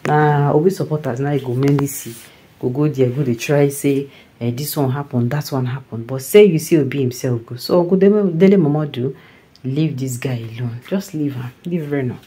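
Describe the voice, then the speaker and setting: Mellow-voiced Nigerian news commentator. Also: medium pitch, steady tone, moderate pace, low-quality recording. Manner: conversational, keeps asking "you understand?". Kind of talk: opinion commentary in Nigerian Pidgin.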